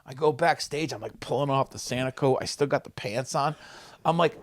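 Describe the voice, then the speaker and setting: A man, a comedian guest on a podcast, telling a story with a profane, excitable manner and loud acted-out quotes. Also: mid-range voice, a little fast. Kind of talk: animated storytelling. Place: podcast studio.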